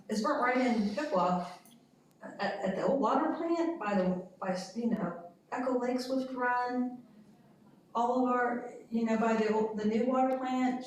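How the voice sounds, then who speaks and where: A woman's voice: mid-range voice, darkish tone, slight background noise. A woman on a city committee talking casually and emphatically, rambling at times, in a public meeting. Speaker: committee member. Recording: echoey room from far off.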